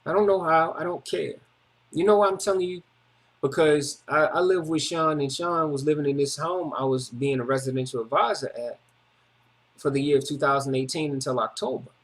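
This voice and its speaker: A man's voice: a little high, fairly quick. A man vlogging a personal story in a casual, rambling monologue, agitated, repetitive and full of slang.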